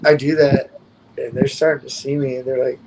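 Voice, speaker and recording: A man's voice: medium pitch, flat delivery, fairly quick. A man hosting a casual live stream, rambling through stories from his own life and acting out what people said. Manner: rambling storyteller who acts out quotes. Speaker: host. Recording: noisy home stream audio.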